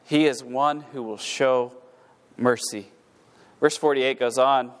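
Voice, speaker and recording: A male pastor preaching in a church, his voice at an ordinary middle pitch. He reads old scripture wording aloud and then breaks it down, stumbling over repeated words as his fervor builds. The room has a long, echoing reverb. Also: steady tone, slow. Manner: repeats words while rising to fervent emphasis. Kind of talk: sermon. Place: church sanctuary. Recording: echoey hall.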